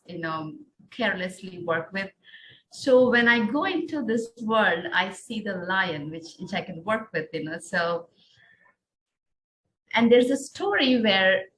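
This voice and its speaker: Earnest, soft-spoken woman from India. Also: mid-range voice, slight background noise, low-quality recording. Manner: earnest, soft-spoken, many "you know"s and restarts. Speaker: guest. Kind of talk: guided visualization storytelling.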